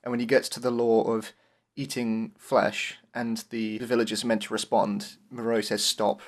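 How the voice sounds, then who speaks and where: A man co-hosts a relaxed podcast chat about a film script. He retells scene after scene, keeping it loose and chatty. He laughs often as he goes. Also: on the low side, moderate pace. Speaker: podcast co-host. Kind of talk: casual review chat.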